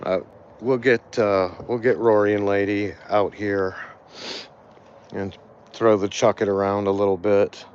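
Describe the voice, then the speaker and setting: A tired man talks casually as an animal rescue volunteer in a livestream walkthrough, halting often and filling pauses with fillers and restarts. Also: lowish voice, flat delivery, a little mellow, dull audio, a little hiss or hum. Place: outdoors by a cat shelter.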